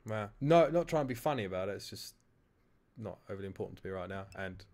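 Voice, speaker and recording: Lässiger australischer Mann, flucht gern. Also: male voice, lowish voice, lively intonation, fast, a little mellow. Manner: frank, swears freely, self-deprecating. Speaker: esports caster. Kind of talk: casual stream review of his own casting.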